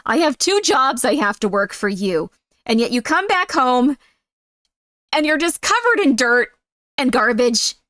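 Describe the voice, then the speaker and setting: A woman's voice: fairly high pitch, expressive, normal speed, fairly bright tone, no room sound, studio quality. A woman putting on a guilt-tripping angry mom. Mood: scolding. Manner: saccharine, passive-aggressive, scolding. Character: nagging guilt-tripping mother, middle-aged woman. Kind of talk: playful role-play.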